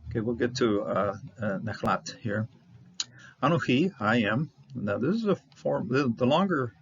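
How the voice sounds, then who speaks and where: A man's voice: mid-range voice, vocal fry. Guy going through hebrew verses word by word, lots of uhs, muffled lo-fi recording with a little hiss. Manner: halting, many fillers and restarts, repeats words for stress. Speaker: Bible Hebrew teacher. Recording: dull lo-fi audio with faint noise.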